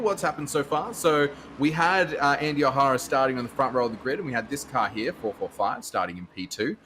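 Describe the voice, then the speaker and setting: A man's voice: mid-range voice, fairly quick, a bit bright, a little hiss or hum. A man with an Australian accent doing chatty commentary on a sim race, laughing often.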